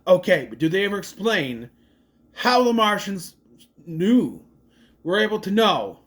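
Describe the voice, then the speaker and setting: A man with a high-pitched voice casually recaps and reviews a movie, speaking a little slowly. He's animated, swears, and mocks the scenes in exaggerated voices.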